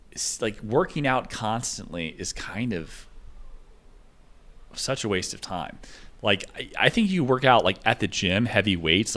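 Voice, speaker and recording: A young man with a fairly low voice, rambling through a loose, digressive monologue. He hops from one half-finished thought to the next, telling offbeat stories in an unscripted way. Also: fairly bright tone. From United States. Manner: rambling, digressive, jumps between topics.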